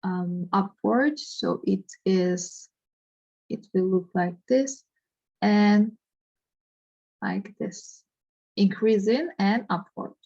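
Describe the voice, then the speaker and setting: A woman teaching a math lesson, working through an example step by step and thinking aloud with frequent pauses and fillers. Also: mid-range voice, mellow, lo-fi sound. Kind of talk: slow worked-example lesson.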